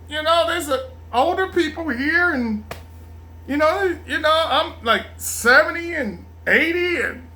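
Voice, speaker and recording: A middle-aged man casually telling a rambling personal story, repeating phrases, laughing often and mimicking his mother in a lower murmur. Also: pushed and bright. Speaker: vlogger.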